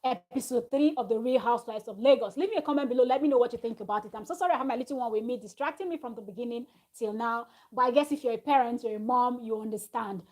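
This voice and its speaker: A reality TV review host recaps an episode to camera at home, her small child close by, in a casual, gossipy way, acting out the arguments as if speaking straight to her viewers. She talks fast with few pauses, her slightly high voice a little mellow.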